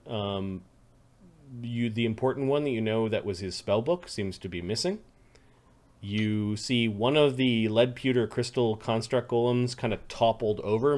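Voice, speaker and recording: A man's voice: fairly low pitch, darkish tone. A man narrating a tabletop game as game master, describing scenes with frequent ums and restarts.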